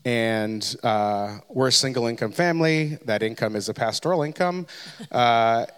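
Male pastor in his 30s telling a story to the church, mid-pitched voice, long echo from the hall. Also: expressive, normal speed, a bit bright, clear, resonant tone. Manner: candid, self-deprecating storytelling with many restarts. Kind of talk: storytelling sermon.

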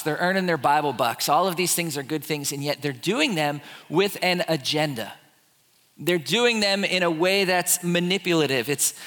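Animated preacher with a bright high voice. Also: male voice, long reverb tail. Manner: animated, acts out voices of complainers. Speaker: pastor. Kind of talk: sermon. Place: church sanctuary.

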